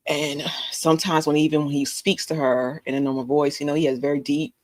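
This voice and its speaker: A woman telling a story in casual live-stream chat, animated and acting out the voices of the people in it. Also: low voice, fairly quick, dry recording.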